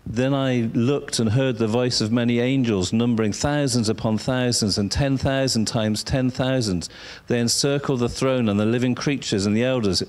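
A man preaching a sermon, drawing words out for emphasis and sometimes dropping to a soft whisper. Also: mid-range voice. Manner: slow, drawn-out emphasis, dropping to a whisper at times.

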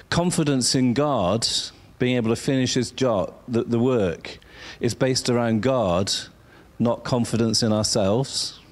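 A man preaching an informal sermon, halting and repeating himself as he coaxes listeners to speak along. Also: medium pitch.

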